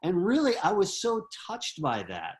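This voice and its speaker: Guy on a video call, slightly high voice, rambling heartfelt story with lots of ums. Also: wildly swooping pitch, normal speed. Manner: earnest storytelling with many fillers and restarts. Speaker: disciple giving homage. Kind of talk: personal reminiscence on video call.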